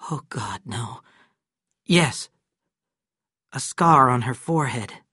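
A hurt, dazed young husband, as a male narrator reads him, answering in a soft, faltering voice. The slow, husky delivery sounds close and dry. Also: mid-range voice, expressive, no room sound, heavily acted. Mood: quiet, dazed.

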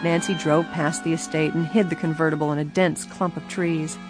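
A woman reads a storybook mystery aloud in a measured, expressive way. Her voice sits on the low side for a woman. Faint music runs quietly behind her. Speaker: narrator. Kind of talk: audiobook narration.

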